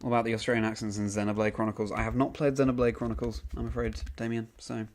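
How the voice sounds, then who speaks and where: A man's voice: fairly low pitch, level tone, very fast, darkish tone. A young man streaming a game, casually reading out and answering chat messages with frequent ums. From United Kingdom.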